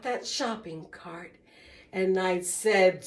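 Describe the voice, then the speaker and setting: A woman slowly telling a personal story in an earnest, testimonial way, breaking into small religious exclamations. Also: fairly high pitch.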